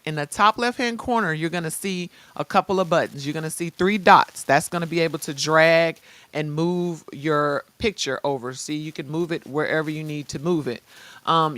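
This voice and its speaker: A woman hosting a live-streamed software tutorial. She chats casually in slang and talks straight to her viewers. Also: fairly low pitch, no room sound. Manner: lively, chatty, addresses viewers directly. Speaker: host.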